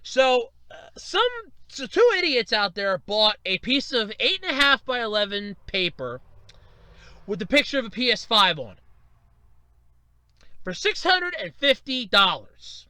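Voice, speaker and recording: A man's voice: high voice, measured pace, clean tone, dry recording. A man hosting a solo podcast, ranting sarcastically, swearing freely and acting out quoted voices. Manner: animated, sarcastic, cursing, acts out quoted voices. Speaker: podcast host.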